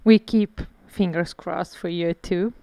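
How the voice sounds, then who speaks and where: A woman's voice: lowish voice, fairly even intonation, takes it slowly, creaky, mellow, dry recording. A woman interviewing a guest in English, asking questions hesitantly with many "uh"s.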